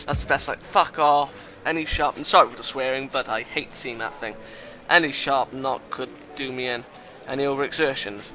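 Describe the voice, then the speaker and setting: A man reading a visual novel aloud in a dramatic voice, breaking off with loud exclamations, swearing and joking asides. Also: mid-range voice, normal speed. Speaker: visual novel let's-play reader.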